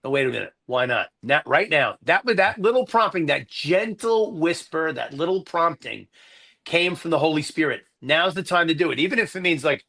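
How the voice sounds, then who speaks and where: A man in his fifties, an Army chaplain and priest, telling stories in an animated, self-deprecating way. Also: a little high, normal speed, vocal fry. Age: 50s. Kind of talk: conversational storytelling.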